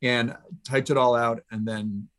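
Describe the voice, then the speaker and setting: A middle-aged man, a podcast guest, telling a personal story in an earnest, reflective way with halting restarts. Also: medium pitch, steady tone, a bit bright.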